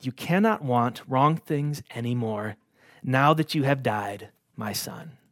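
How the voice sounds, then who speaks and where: A man voicing a solemn male lion, speaking slowly and quietly in a grave, commanding way while reading a story aloud. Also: medium pitch, lively intonation, no room sound, clean studio sound. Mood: solemn gentle.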